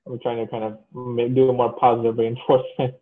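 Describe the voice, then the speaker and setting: Husky man on a tinny phone-like line. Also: mid-range voice, flat delivery, fairly quick. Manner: easygoing, agreeable, drifts into fillers. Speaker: podcast co-host. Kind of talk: casual chat.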